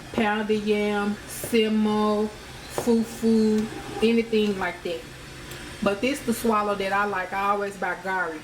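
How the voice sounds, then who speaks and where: A woman's voice: mid-range voice, noisy background. Woman chatting thru her cooking vlog, middle voice, echoey kitchen w/ pots clanking. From United States. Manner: chatty, addresses viewers as y'all. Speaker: cooking vlogger. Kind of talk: casual cooking demonstration. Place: home kitchen.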